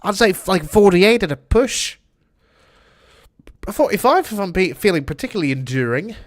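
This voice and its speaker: Streaming a game, this man chats with his viewers and swears casually in a put-on British accent, answering chat as he plays. His voice is high and animated, at a normal speed, in a casual gameplay commentary.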